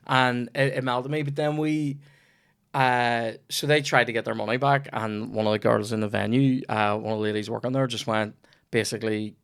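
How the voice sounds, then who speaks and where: A man's voice: medium pitch, steady tone, normal speed, a bit bright, smooth, dry recording, clean studio sound. A young Northern Irish man tells a long, rambling story as the host of a casual chat. He swears freely, restarts his sentences and keeps a middling voice. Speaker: comedian podcast host.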